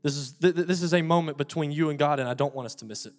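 A man's voice: fairly high pitch, rapid-fire, hardly any pauses, faint music behind. A young adult man preaching a sermon with an altar call, earnest and pleading, repeating words for emphasis. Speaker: pastor.

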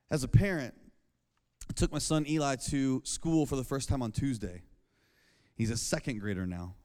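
A man, preaching a casual, jokey sermon to high school students and acting out family scenes. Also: a little mellow. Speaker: youth pastor. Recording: long reverb of a large hall.

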